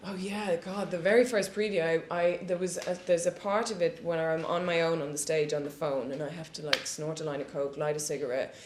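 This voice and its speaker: A woman's voice: low voice, steady tone, fairly quick, hardly any pauses. A woman guest on a live panel telling candid, profane stories and often laughing. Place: studio panel discussion before an audience. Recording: roomy echo with faint background hiss.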